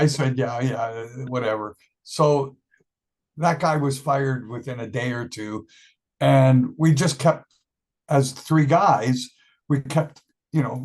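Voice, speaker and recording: An older man, a musician being interviewed, telling a rambling story and often laughing and acting out what people said. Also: mid-range voice. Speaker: musician guest.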